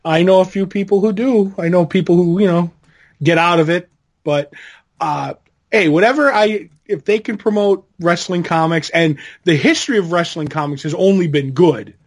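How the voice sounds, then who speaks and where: A man co-hosting a casual comics podcast, chatting with a deadpan, joking manner. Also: high-pitched, normal speed. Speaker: podcast co-host. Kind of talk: casual chat.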